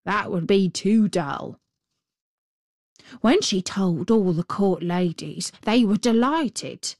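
A woman voicing a thoughtful, slow-spoken talking crow in a storybook reading, speaking in a deliberate way. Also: mid-range voice, lively intonation, a little mellow, no echo, clean studio sound. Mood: storytelling.

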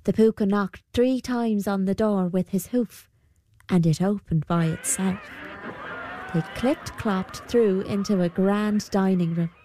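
Slow, measured woman storyteller. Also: medium pitch, warm tone, dry recording. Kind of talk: scripted folktale narration.

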